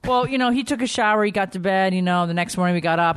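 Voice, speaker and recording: A woman's voice: fairly low pitch, quick pace, no echo. Woman chatting animatedly, dry sound. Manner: animated storytelling, addresses viewers directly. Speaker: parent vlogger. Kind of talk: casual chat.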